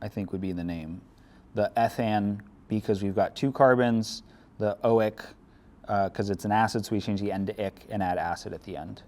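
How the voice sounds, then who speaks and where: A chemistry instructor with a fairly low, darkish voice gives a classroom lecture at a normal speed. He explains things step by step in a casual manner, slipping in dry sarcasm.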